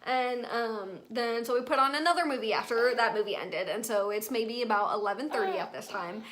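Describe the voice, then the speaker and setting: A woman's voice: on the high side, fairly quick, a bit bright. A young woman, chatting to her viewers as she tells a personal story in a casual vlog. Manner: chatty, addresses viewers as y'all. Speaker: vlogger.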